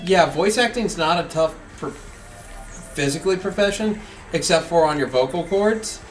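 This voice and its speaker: Ranting gaming host, a bit off-mic. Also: male voice, on the high side, lively intonation, moderate pace, distant mic. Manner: emphatic, ranting, jokey. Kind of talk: casual gameplay commentary. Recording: off-mic with faint game music.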